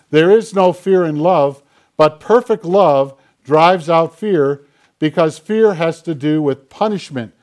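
A man's voice: on the high side, a little mellow. A man, a pastor, preaching a conversational sermon and acting out quoted dialogue as he goes. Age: older.

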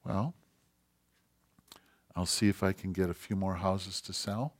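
A man preaching a sermon, voicing a calm, kind wife in a soft, low, steady voice. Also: unhurried. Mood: gentle. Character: calm, gentle wife staying quiet and kind. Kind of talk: sermon storytelling.

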